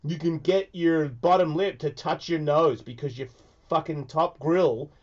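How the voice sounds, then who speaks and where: A man hosts a radio show while sick, rambling and swearing as he drops to a mumble, then rises to a shout. His voice sits a bit high. The sound is dull and lo-fi. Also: a little slow. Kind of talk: casual radio chat.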